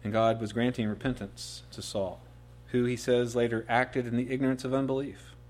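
A man preaching a sermon, rising to loud emphatic peaks and dropping to soft, slow asides on key phrases. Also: medium pitch, flat delivery, a little hiss or hum. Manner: slows right down to dwell on key phrases.

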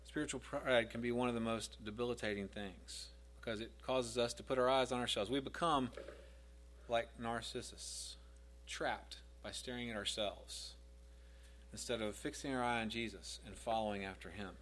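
A man preaches a sermon conversationally, asking his listeners questions and dropping his voice when quoting scripture. His voice is medium-pitched and a bit bright, with fairly even intonation at a moderate pace, and there's a little hiss or hum.

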